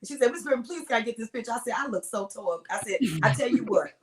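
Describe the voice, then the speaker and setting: A middle-aged woman, a singer as a guest, telling stories with lively acted-out quotes in a relaxed chat. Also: a little high, fast talker. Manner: animated storyteller acting out voices. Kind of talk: casual interview storytelling.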